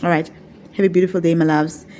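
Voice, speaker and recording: A woman's voice: fairly low pitch, little pitch movement, fast talker, a little mellow, slight background noise. A woman talking to her viewers as a spiritual teacher, repeating her points in a coaxing, affectionate way. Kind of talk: casual vlog teaching.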